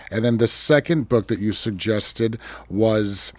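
A man's voice: lowish voice, measured pace. A man hosting a podcast interview, asking questions and affirming his guest. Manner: affirming, encouraging, steady. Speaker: podcast host. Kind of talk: casual interview talk.

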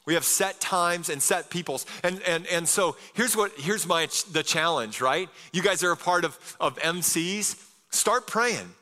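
A man preaching a sermon with an energetic, casual delivery and frequent calls of "amen?" to his listeners. His voice sits a little high for a man and comes across bright and forceful. A long reverb trails after his words, as in an echoey church hall. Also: unhurried. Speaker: pastor.

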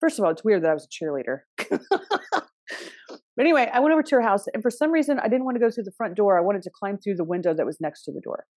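A woman's voice: mid-range voice, sing-song, fast talker, darkish tone, dry recording, clean studio sound. A middle-aged woman hosting a casual astrology talk, chatty, restarting often and laughing now and then. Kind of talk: casual spoken advice.

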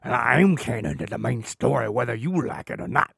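A man's voice: medium pitch, animated, brisk, gravelly, fairly bright tone, slightly rough, no room sound, studio quality, voice pushed down, heavily acted. A man voicing a brash, cocky male werewolf who swears freely and swaggers.

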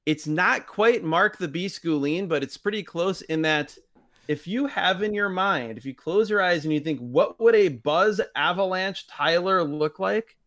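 Slightly higher-voiced guy on a podcast, wry and dry, chatting away. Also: a little slow, a bit bright. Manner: wry, quotes lines in mock voices, dry asides. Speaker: podcast host. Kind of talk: casual chat reviewing old wrestling.

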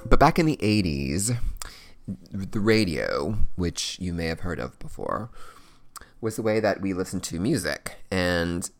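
A man's voice: low-pitched, sing-song, unhurried. A middle-aged man hosting a comedic podcast, playful and jokey. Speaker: podcast host.

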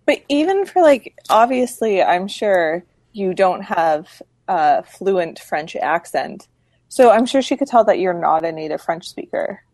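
A woman's voice: lowish voice, very animated, measured pace, a little mellow, no echo. A woman guest on a casual podcast, chatty and poking fun at herself. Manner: chatty, self-mocking.

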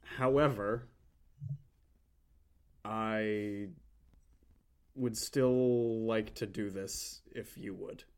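A man voicing a nervous, awkward young man who speaks haltingly and honestly. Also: lowish voice, steady tone, clean tone. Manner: hesitant, halting.

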